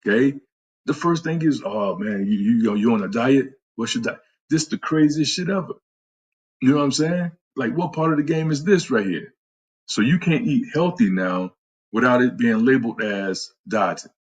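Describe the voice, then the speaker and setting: Husky, low-voiced man talking fitness. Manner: loose, profane, repeats himself with many fillers. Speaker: fitness podcast host. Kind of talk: casual talk answering listeners.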